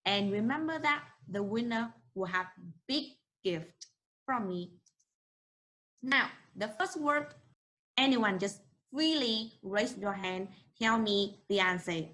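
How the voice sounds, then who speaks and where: A young woman with a Vietnamese accent teaching an English class online, encouraging and slowly modeling words for students to repeat. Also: medium pitch, pushed and bright, rough recording.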